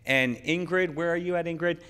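A middle-aged man giving a conference keynote in a folksy, joking and energetic way. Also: on the high side, fairly quick, clean tone. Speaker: keynote speaker. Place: conference hall. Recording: long hall reverb.

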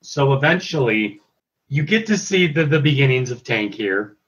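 A man's voice: mid-range voice, lively intonation, normal speed, fairly bright tone, slightly rough. A man hosting a casual review chat, recapping scenes in a loose, filler-heavy way. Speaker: host reviewing a cartoon episode. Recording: dull lo-fi audio.

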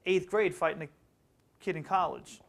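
A middle-aged man from Long Island, an author and educator, telling stories in a quick, animated way as a guest in a casual interview. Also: high voice, vocal fry, slight background noise. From Long Island, New York. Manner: fast, animated storytelling.

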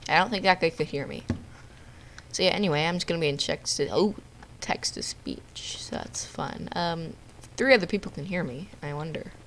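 A woman giving playful, jokey live commentary on her own gameplay, with quick outbursts at the game. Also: low voice, fairly bright tone, slight background noise. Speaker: gamer narrating her own video.

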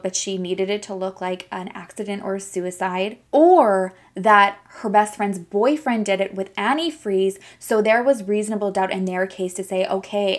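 A young woman casually narrating a true crime case, chatty and animated, with sarcastic asides. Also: medium pitch.

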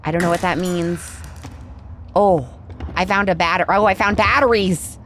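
There's a little hiss or hum behind her fairly low, a bit bright voice, which keeps fairly even intonation at a moderate pace. She hosts a gaming channel, chatting through a horror game let's play, addressing the characters and reacting with surprise as she's easily startled.

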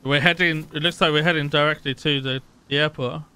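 Bright, slightly high guy joking around while gaming with friends, faint hiss behind. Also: fairly even intonation, brisk, poor audio. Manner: joking banter. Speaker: streamer playing with friends. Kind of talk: casual gaming chat.

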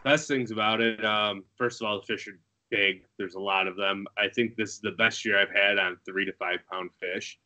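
Low, bright-voiced chatty man. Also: steady tone, moderate pace. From Buffalo area, USA. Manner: chatty, laughs through his stories. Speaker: guest angler. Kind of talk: casual podcast chat.

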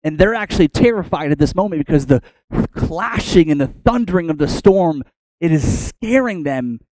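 Male pastor, animated storyteller, mellow tone, dry close sound. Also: a little high, normal speed, no room sound, low-quality recording. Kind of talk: sermon.

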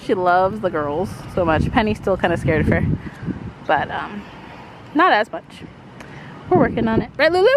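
A woman's voice: medium pitch, lively intonation, moderate pace, long pauses, very noisy. A woman chatting casually in a family vlog, often laughing and talking to her dog. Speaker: vlogger mother.

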